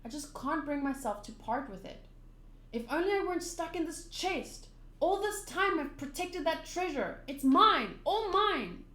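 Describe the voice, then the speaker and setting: A woman voicing a grumpy, lonely middle-aged man who guards a forest, with a gruff manner. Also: high voice, very animated, unhurried, bright, forceful tone, voice pushed up, heavily acted. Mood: brooding. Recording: roomy echo.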